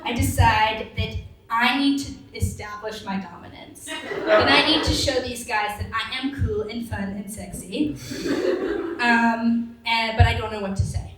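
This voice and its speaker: A young woman in her twenties tells stand-up stories in a fairly high voice, acting out the people in them with animated delivery. She is recorded from a distance in a very echoey venue. An audience laughs loudly around her. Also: unhurried, a crowd in the background. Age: 20s. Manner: animated storytelling with acted-out quotes. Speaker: stand-up comedian. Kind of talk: stand-up comedy set. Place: comedy venue with a live audience.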